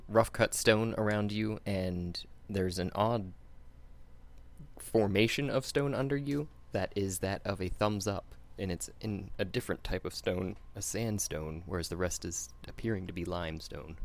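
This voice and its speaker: A man's voice: sits low, measured pace. A man running a tabletop game as game master, narrating a scene in a rambling way and correcting himself as he goes.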